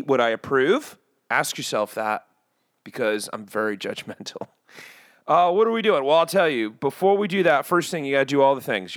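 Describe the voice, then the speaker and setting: Man doing a judgmental bird host, rambling, self-mocking, very animated pitch, bone-dry sound. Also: no echo. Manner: rambling, self-mocking, swings between loud and muttered asides. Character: brash judgmental male bird podcast host. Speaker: podcast host. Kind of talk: comedic podcast monologue.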